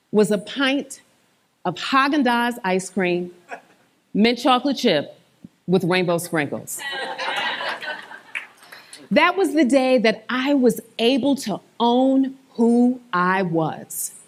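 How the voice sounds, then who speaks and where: A woman giving a motivational conference presentation on stage, with emphatic, animated inflection. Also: fairly high pitch. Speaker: conference speaker.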